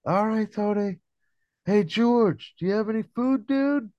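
A man voicing a loud, wacky, excitable man while retelling a sitcom episode. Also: high-pitched, a little slow, dry recording, lo-fi sound, pitched above the performer's own voice. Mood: teasing. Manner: loud, teasing.

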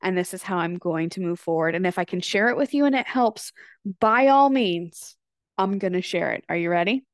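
Talking at a moderate pace with lively intonation, the woman's fairly low voice carries her candid, profanity-laced podcast monologue. She's in her thirties and hosts the show herself, and the sound is dry and clean like a studio.

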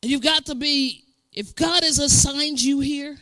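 Bright-voiced woman preaching slowly. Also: high-pitched, steady tone, dry recording. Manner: emphatic, call-and-response preaching; drifts into sung, shouted phrases. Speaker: pastor. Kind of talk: sermon.

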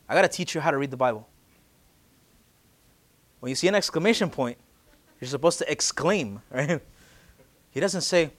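A pastor in his late twenties preaching with a slightly high voice. He keeps it conversational and joking, then pushes into loud, urgent emphasis on key lines. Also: animated, moderate pace, long pauses. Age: late 20s. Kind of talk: sermon.

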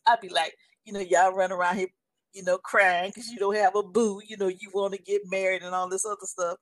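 A woman in her sixties sharing a faith testimony in a casual, animated and emphatic way, often calling the listener honey. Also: mid-range voice, a little fast, no echo. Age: 60s.

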